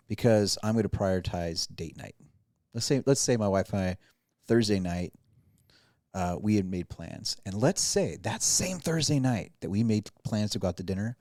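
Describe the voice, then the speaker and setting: A man's voice: lowish voice, darkish tone, no room sound, studio quality. A man, a pastor and podcast host, telling a self-deprecating story in casual chat with lots of restarts.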